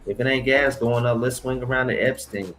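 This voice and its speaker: A man's voice: mid-range voice, fairly even intonation, brisk, fairly bright tone, faint music behind, poor audio. A man co-hosting a casual podcast, ranting in a heated, profane way. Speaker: podcast co-host. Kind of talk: casual chat.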